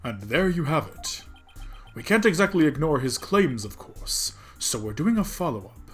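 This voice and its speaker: A man's voice: fairly high pitch, big pitch swings, normal speed, breathy edge, soft background music. A man streaming a courtroom game, chatting casually, swearing freely and laughing often.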